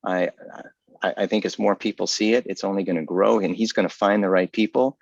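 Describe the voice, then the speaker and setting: A man's voice: lowish voice, steady tone, a little fast, gravelly, dry recording, muffled recording. A man giving an earnest, articulate talk over a video call, often restarting his sentences. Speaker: guest speaker. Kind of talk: casual virtual talk.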